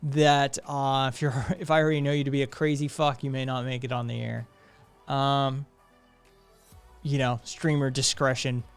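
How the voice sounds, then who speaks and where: A man's voice: mid-range voice, level tone, normal speed, clear, resonant tone, soft background music. A man hosting a live stream, chatting casually, reading viewer comments aloud, blunt and profane with sarcastic laughs.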